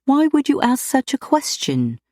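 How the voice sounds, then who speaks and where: A wary, protective older sister, as a narrator voices her in an audiobook. She speaks in a careful, guarded way, a touch above the narrator's usual pitch. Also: huge pitch swings, a little slow, mellow, no room sound, studio quality, full character voice.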